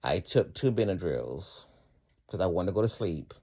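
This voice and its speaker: A middle-aged man tells his own story in a fervent, folksy, rambling way. His voice sits a little low. He keeps breaking off to give thanks to God. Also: animated, moderate pace, gravelly, warm tone. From Atlanta area, US. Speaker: storyteller recounting a personal event. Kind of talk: emotional personal testimony.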